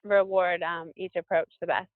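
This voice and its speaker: A woman, a professional skier, talking casually in an interview and often pausing with fillers as she looks for words. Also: fairly low pitch, little pitch movement, no echo. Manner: thoughtful, searching for words with many fillers. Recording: dry, tinny phone-like line.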